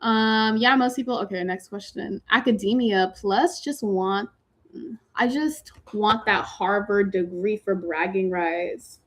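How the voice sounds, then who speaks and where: A woman's voice: medium pitch, slow, fairly bright tone. A woman from Massachusetts hosting a casual livestream, chatting with viewers in a slangy way, full of "like" fillers and playful teasing. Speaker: livestream host answering chat questions. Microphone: computer mic on a video stream.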